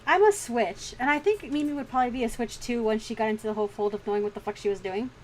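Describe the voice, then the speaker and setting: Frank, high-voiced woman streamer. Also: fast talker. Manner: frank, laughing, swears freely. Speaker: streaming artist. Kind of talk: casual chat during a drawing stream.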